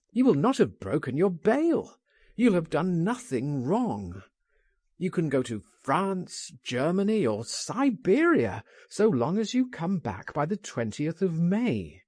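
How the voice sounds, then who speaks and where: A man's voice: on the high side, wildly swooping pitch, slow pace, a little mellow, no echo, studio quality, voice pushed up, heavily acted. A man reading an audiobook, voicing a bold, impatient man who insistently urges his friend. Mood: urging. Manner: insistent, persuasive.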